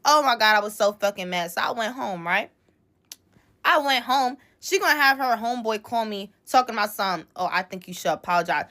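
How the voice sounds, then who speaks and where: A woman's voice: on the high side, moderate pace. Young woman telling a heated story. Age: about 20. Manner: animated, profane, indignant. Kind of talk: casual storytelling to camera.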